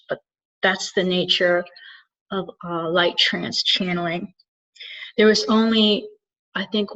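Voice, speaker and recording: A woman's voice: medium pitch, fairly bright tone. A woman who works as a spiritual channeler, talking earnestly to the camera and thinking aloud as she goes. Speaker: spiritual channeler and soul coach. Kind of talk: reflective solo talk to camera. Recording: dull lo-fi recording.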